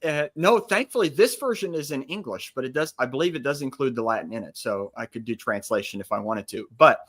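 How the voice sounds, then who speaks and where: A man's voice: medium pitch, expressive, a bit bright. A man co-hosting a live stream on a video call, telling a story with wry humor and teasing the others. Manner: wry, laughing, quick to tease. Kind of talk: casual live-stream chat.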